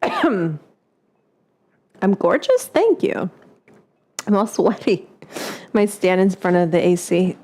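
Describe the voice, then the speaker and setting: A woman's voice: fairly low pitch, very animated, takes it slowly, long pauses, mellow. A woman hosting a home cooking show in casual chat. She swears freely, keeps breaking into coughing fits, and baby-talks to her dog in her kitchen.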